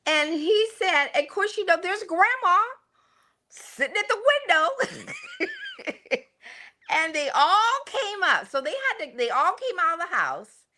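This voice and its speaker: A woman's voice: very high-pitched, a little slow, long pauses. A woman in her sixties, a mother telling family stories in a casual chat, laughing often. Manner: animated, laughing storyteller. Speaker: guest, the host's mother.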